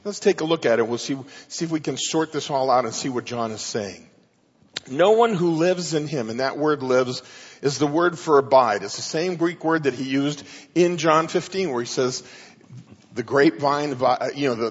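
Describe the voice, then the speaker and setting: A man's voice: a little high, husky. A man preaching a sermon, teaching through Bible verses with emphatic stress. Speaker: pastor. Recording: muffled sound with long hall reverb.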